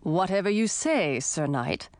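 A woman's voice: fairly low pitch, expressive, a little slow, a little mellow, dry recording. A woman voicing a tournament herald who speaks in a matter-of-fact, lightly teasing way. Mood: amused. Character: wry, unbothered male tournament herald.

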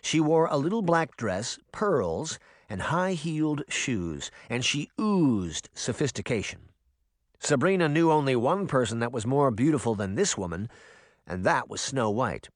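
A man narrating a storybook in a steady, expressive telling. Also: medium pitch, unhurried, no room sound, studio quality. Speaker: audiobook narrator.

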